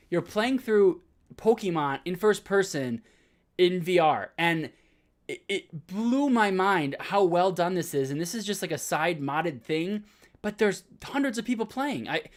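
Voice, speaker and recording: Excited man rambling about games. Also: fairly high pitch. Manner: excited, rambling, fast bursts. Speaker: podcast co-host. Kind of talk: casual chat.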